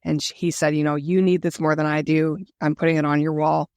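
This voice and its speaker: A woman's voice: low-pitched, flat delivery, a little fast, a little mellow, dry recording, studio quality. A woman guest telling her own story in an interview, earnest and reflective. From Canada. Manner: earnest, emotional, reflective retelling.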